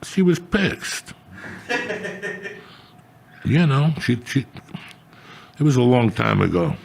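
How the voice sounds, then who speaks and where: Gravelly older man, profane storyteller. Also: medium pitch, takes it slowly. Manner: swearing, animated, rising to loud outbursts. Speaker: comedian, show guest.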